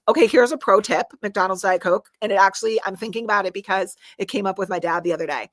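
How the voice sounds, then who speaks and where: A woman in her thirties hosting a casual live stream, chatty and animated with frequent laughs. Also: medium pitch, fast talker, few pauses, no room sound. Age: 30s. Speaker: livestream host.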